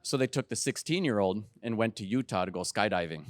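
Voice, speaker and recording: A middle-aged man giving a keynote talk, telling lively family anecdotes and acting out what people said. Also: on the low side, brisk, no room sound. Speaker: keynote speaker. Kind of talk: storytelling talk.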